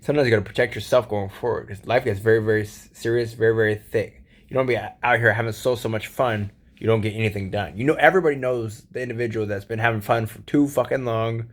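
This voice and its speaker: Fast-talking and steady in tone, this solo vlogger has a lowish voice. He rambles through a casual late-night monologue, swearing freely in laid-back slang and often laughing as he talks.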